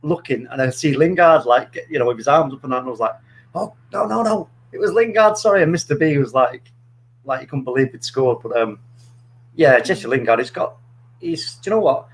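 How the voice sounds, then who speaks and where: A man hosting a casual football chat, telling stories in a rambling, animated way with many restarts. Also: mid-range voice, a little fast, slightly rough, low-quality recording. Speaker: podcast host.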